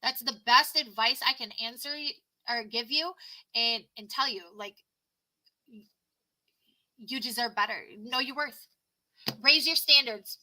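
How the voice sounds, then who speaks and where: Bright, high-voiced woman giving tarot advice. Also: rough recording. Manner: earnest, rambling advice with restarts and repetitions; reads card meanings slowly then talks to viewers. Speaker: tarot reader. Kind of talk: casual livestream tarot reading. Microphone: laptop mic.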